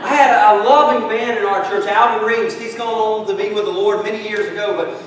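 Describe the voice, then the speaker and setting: Brief: middle-aged man, folksy humorous preacher, high voice, recorded from far off with long reverb. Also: fairly even intonation, a little fast, a crowd in the background. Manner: folksy storytelling with humor, calls listeners "friends". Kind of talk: sermon. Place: large church hall. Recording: echoey church hall recording from far off.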